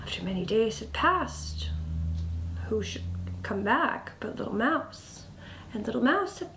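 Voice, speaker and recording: A woman instructor tells a children's story in a slow, expressive voice, sinking into hushed whispers. Her voice sits a little high. The room is echoing, with faint noise behind. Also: creaky. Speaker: nature school instructor.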